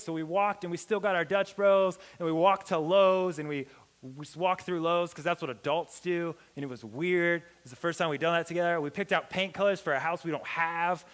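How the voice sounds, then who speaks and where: A young man, a youth pastor, telling a chatty personal story in a lively storytelling sermon. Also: on the high side. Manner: animated, chatty storytelling with many "like"s. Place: church hall. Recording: reverberant church hall.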